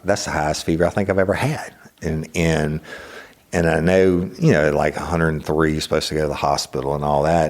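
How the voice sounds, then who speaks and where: A middle-aged man hosting a podcast, telling a personal story in a blunt, profane, animated way. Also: rumbling low. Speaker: podcast host. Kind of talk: casual storytelling monologue.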